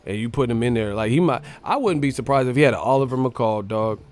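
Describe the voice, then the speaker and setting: A man hosting a live stream, giving casual boxing commentary in a profane, animated, mocking rant. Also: medium pitch, quick pace, faint music behind. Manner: profane, animated, mocking ranting with frequent laughs.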